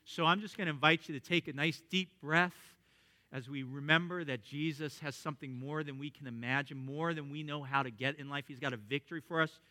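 A man preaching a sermon, reading scripture and speaking earnestly and with emphasis, sometimes dropping into quieter asides. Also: on the high side, fairly even intonation, brisk. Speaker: pastor.

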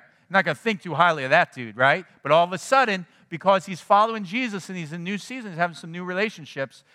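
A man preaching a sermon in a conversational, animated way, often checking in with his listeners. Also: on the high side, in a large hall. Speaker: pastor.

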